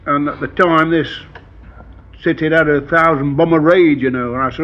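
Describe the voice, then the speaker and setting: A man's voice: on the high side, steady tone, normal speed. An older male war veteran telling an anecdote in a chatty way, acting out the dialogue he quotes. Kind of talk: anecdotal storytelling. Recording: dull lo-fi archive recording.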